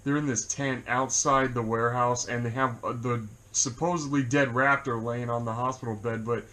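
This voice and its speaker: A man's voice: mid-range voice, steady tone, moderate pace, sharp tone. A man co-hosting a movie review, chatting casually, rambling with lots of fillers and laughing often. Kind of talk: casual chat.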